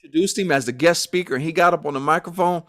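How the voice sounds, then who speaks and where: Casting note: gospel musician, male, higher register, lively and emphatic when recounting stories. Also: rapid-fire. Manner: animated, emphatic storyteller. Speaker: gospel musician and podcast guest. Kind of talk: personal storytelling in conversation.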